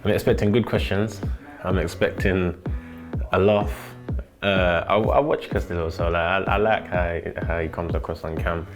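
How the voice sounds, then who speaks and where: A man's voice: low-pitched, steady tone, moderate pace, faint music behind. A man answering interview questions in a blunt, confident way. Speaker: guest boxer.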